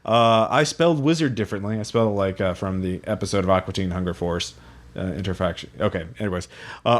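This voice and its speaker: A man co-hosting a casual tabletop gaming podcast, relaxed and chuckling as he shares game quotes and reads forum stories aloud. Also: low-pitched, quick pace. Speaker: podcast co-host.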